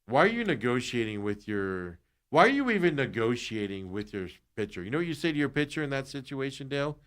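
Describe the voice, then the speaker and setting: A man's voice: mid-range voice, sing-song, a little fast, fairly bright tone, clean tone. A man hosting sports talk radio, ranting heatedly and with exasperation, his voice jumping up when he gets angry.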